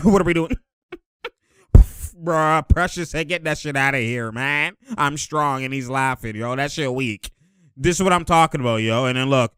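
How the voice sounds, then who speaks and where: A man hosting a casual breakdown of game footage, excitable and slangy, laughing often as he talks through plays. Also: medium pitch, smooth, dry recording, clean studio sound. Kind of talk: casual play-by-play film breakdown.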